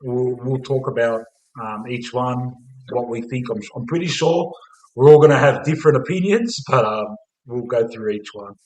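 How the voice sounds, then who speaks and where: A man's voice: medium pitch, moderate pace, a little mellow, rough recording. A man with an Australian accent hosting a casual footy stream, swearing often and padding with "mate" and "man". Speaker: host of a fan stream.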